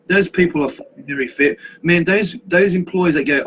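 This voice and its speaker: A man's voice: on the high side, moderate pace, few pauses, slight background noise, rough recording. A man, talking in a brash, profane, joking way in a casual online hangout. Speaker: chat participant.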